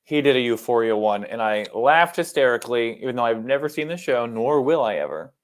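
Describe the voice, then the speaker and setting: A man's voice: mid-range voice, expressive, a little fast. Joking American man on a podcast. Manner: jokey, swears freely, laughs at himself. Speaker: podcast co-host. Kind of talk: casual podcast chat.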